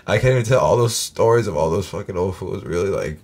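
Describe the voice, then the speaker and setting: A man's voice: deep voice, animated, fast, a little mellow, breathy edge. A man hosting a reaction video, talking in a rambling, profane way with lots of fillers and "you know what I mean". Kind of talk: rambling casual monologue.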